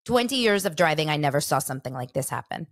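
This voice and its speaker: A woman voicing an astonished male van driver with a deliberately poor Greek accent. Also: deep voice, very animated, no echo, clean studio sound, pitched below the performer's own voice. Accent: Greek, put on badly.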